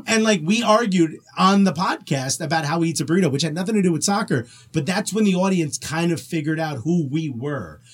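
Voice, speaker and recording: Guest, male, husky, fast, raised pitch, animated storyteller. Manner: animated storyteller, laughs often. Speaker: podcast guest. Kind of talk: casual podcast chat.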